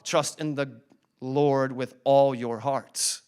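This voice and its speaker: A man preaching a sermon in a conversational way, slowing down to stress scripture and asking the congregation to repeat after him. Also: mid-range voice, steady tone, darkish tone, clear, resonant tone. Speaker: pastor. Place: church service.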